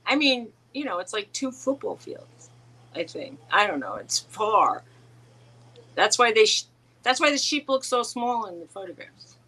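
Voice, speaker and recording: A middle-aged woman co-hosts a casual chat, her voice on the high side and sing-song, moving at a moderate pace with a pushed, bright, slightly rough quality. She tells rambling stories, laughing often and restarting frequently. The recording itself is rough.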